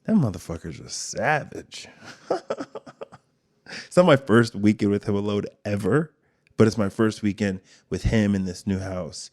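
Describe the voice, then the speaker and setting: A man hosting a casual podcast and talking in a slightly low voice. He rambles candidly and swears freely. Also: lively intonation, measured pace, darkish tone. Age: adult father of two. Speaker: podcast host.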